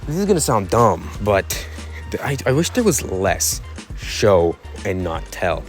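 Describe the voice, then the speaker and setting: Laid-back rambling man, low voice. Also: big pitch swings, unhurried, faint music behind. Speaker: YouTube channel host. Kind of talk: casual opinion vlog.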